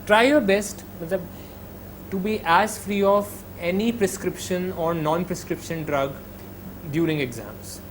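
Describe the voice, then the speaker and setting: Speaking to students in a high voice, an Indian-accented psychologist offers advice in a relaxed, conversational way. He drops in Hindi phrases, leans on "you know" as filler, and eases his pace to model calm breathing, all over poor audio carrying slight hiss or hum.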